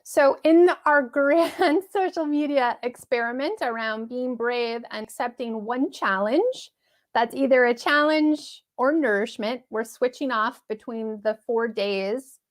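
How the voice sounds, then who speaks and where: A woman's voice: on the high side, unhurried. A woman hosting a casual live-streamed pep talk, chatty and upbeat, laughing often and reading viewer comments aloud.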